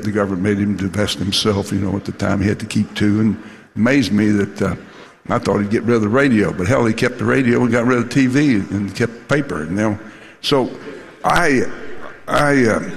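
Older guy spinning a story for a crowd, low gravelly voice, long hall echo. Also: a little fast, a little hiss or hum. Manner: folksy, salty anecdotal storytelling with laughs and restarts. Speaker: former football coach telling stories. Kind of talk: storytelling to a live audience.

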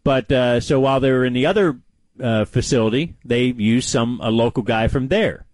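A man co-hosting a casual sports chat show, telling stories with animated delivery. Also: normal speed, no echo, low-quality recording. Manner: animated storyteller, lively pitch. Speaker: co-host.

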